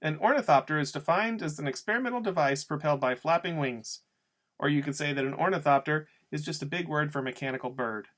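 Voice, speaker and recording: A man's voice: fairly high pitch, fast, a bit bright, natural voice. A man voicing a tiny, very clever boy who speaks in formal, dictionary-like words, read as an audiobook. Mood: lecturing. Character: tiny brainy boy, bookish and proud. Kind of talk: audiobook reading.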